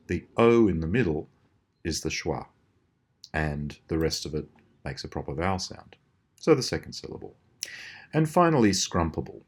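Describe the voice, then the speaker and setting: An Australian man explaining a language puzzle solution, slowly drawing out example words. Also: low-pitched. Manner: precise, drawn-out demonstration of words. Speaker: language teacher.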